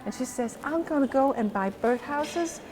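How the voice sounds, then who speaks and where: A woman coach, outdoors at a museum park, calmly telling a story about a client session and quoting both sides of the dialogue. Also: sits high, moderate pace, background noise. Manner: calm, retelling a coaching session with quoted dialogue. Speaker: house coach. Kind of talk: storytelling monologue to camera.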